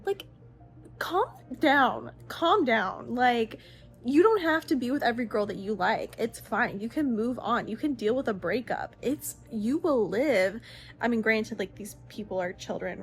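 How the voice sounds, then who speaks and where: A young woman chatting casually as she recaps a book series, gushing and swearing freely. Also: a little high. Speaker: book vlogger.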